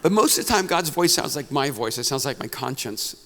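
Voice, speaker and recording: Dramatic preacher in a big echoing hall. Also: male voice, medium pitch, very animated, a little fast. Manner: dramatic, conversational preaching that swings between loud and hushed. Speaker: pastor. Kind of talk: storytelling sermon. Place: large church auditorium at a conference. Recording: reverberant hall, faint music.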